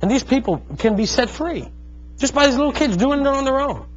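A man's voice: very high-pitched, lively intonation, brisk. A man in his thirties preaching a sermon, calling out to the congregation and telling stories with fervent energy. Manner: fervent, calls out to congregation, storytelling. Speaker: pastor. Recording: dull lo-fi sermon recording.

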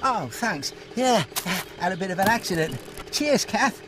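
A man's voice: high-pitched, animated, a little slow, background noise. A man voicing a clumsy, cheerful male apple farmer in a cartoon who laughs a lot and stammers when flustered. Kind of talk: cartoon voice acting. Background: loud background music.

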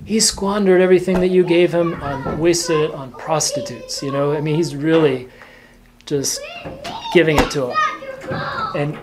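A man, a priest teaching a catechism class, explaining gently and earnestly with fillers and restarts. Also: fairly high pitch, fairly even intonation, moderate pace, very noisy. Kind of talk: catechism lecture. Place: church classroom.

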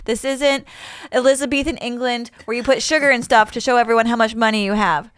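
Bright-voiced chatty woman podcast host. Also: fairly high pitch, fairly even intonation, smooth, dry recording. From American Midwest. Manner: chatty, riffs off her guest with quick asides. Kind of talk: casual comedic podcast banter.

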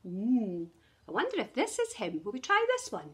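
A woman's voice: a little high, huge pitch swings, normal speed, a bit bright, a little hiss or hum. A woman leading a sing-song early years lesson, gasping and dropping to whispers for suspense before clapping out syllables with the children.

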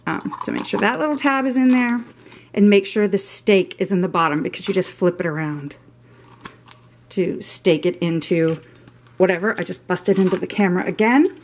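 A woman's voice: mid-range voice, normal speed, slight background noise. A middle-aged woman chatting through a shopping haul on camera, gushing over each item with rambling asides. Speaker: haul vlogger. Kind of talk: casual show-and-tell vlog.

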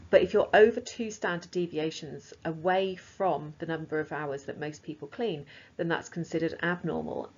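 Low husky woman teaching a class. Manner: casual, chatty explaining with fillers. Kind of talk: recorded lesson. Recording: slightly dull lo-fi sound.

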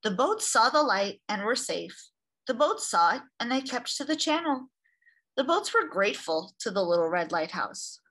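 Husky-voiced woman reading a children's story. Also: on the high side, normal speed. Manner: gentle, expressive reading with lively voices for sounds. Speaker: storytime host reading a picture book. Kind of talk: read-aloud storytelling for children.

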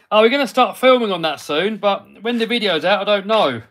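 A man's voice: high-pitched, animated, fairly quick, fairly bright tone. A man from the UK hosting a casual livestream, talking himself through building a model truck and chatting with viewers. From United Kingdom. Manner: chatty, talks himself through each step and answers viewers. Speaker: RC hobby livestream host. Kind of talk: casual live-stream chat while building a model.

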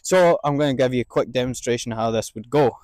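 A man training a sheepdog outdoors, explaining each step and calling out drawn-out commands to his dog between explanations. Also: medium pitch, darkish tone, no room sound. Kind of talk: outdoor instructional demonstration.

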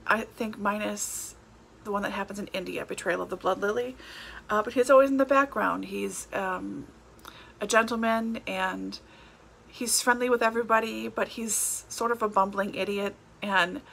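A woman's voice: mid-range voice, steady tone, normal speed, creaky, a bit bright, a little hiss or hum. A woman chatting casually about books for her vlog, laughing often and correcting herself as she goes. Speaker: book vlogger. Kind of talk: casual book tag chat.

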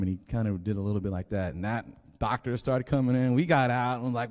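A man's voice: fairly low pitch, little pitch movement, fast talker, hardly any pauses, a little mellow. A man preaching a sermon as pastor, telling a story in a rambling, conversational way with many restarts. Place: church sanctuary. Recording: long hall reverb.

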